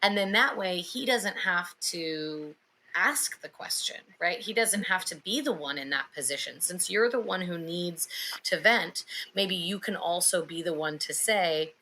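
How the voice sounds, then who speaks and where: Bright-voiced woman podcast co-host. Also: lowish voice, measured pace, a little hiss or hum, low-quality recording. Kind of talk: casual podcast chat.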